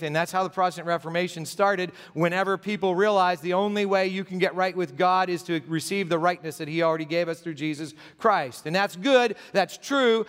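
High-voiced man preaching in a reverberant hall. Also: a bit bright. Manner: conversational preaching with jokes and asides. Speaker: pastor. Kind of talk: sermon. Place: church sanctuary.

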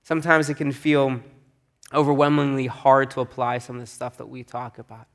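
A man's voice: mid-range voice, little pitch movement, brisk, fairly bright tone. A young man preaching a streamed sermon as pastor, earnest and encouraging, often repeating his key phrases.

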